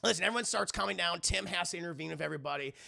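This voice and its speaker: A man giving a casual, animated movie review on a live stream, rambling, swearing and talking to his chat. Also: high-pitched, very fast, vocal fry.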